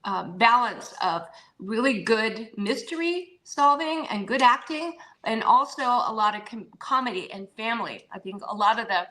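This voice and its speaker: A chatty older woman with a bright, fairly high voice talks from home over a video call. She rambles warmly, laughs easily and fills her pauses with ums as she chats as a guest. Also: lively intonation, poor audio. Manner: warm, chatty, laughs often, trails off with fillers. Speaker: actress guest. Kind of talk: casual interview chat. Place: home with pets around.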